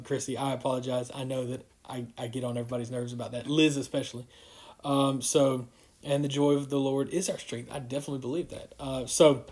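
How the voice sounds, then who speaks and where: Speaking at mid-range pitch, this man leads a relaxed livestream devotional as a youth pastor. He stumbles along with frequent fillers and false starts.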